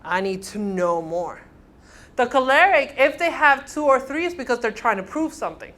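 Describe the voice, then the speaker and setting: A woman teaching a counseling class with a somewhat high voice. She is animated and acts out short exchanges between personality types, often pausing to ask if everyone is following. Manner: animated, acts out little dialogues, checks in with "okay?". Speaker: counseling instructor. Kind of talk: classroom lecture.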